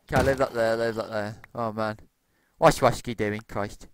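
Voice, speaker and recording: A man chatting casually while playing a game, relaxed and quick to laugh. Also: lowish voice, very noisy. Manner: relaxed, laughs easily, calls friend dude. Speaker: gamer co-host. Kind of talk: casual gameplay chat.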